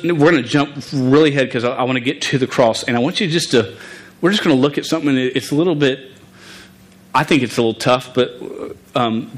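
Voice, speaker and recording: A man's voice: mid-range voice, a bit bright, rough recording. A middle-aged man preaching a sermon and reading scripture aloud, earnest and informal, who stutters on the starts of words and often restarts. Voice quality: stutters on word beginnings.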